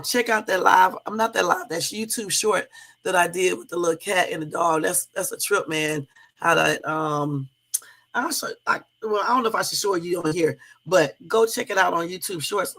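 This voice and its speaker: A woman's voice: on the low side, moderate pace, fairly bright tone. A woman hosting her own livestream, talking casually and chattily to her viewers and laughing easily. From Southern California. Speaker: livestream host.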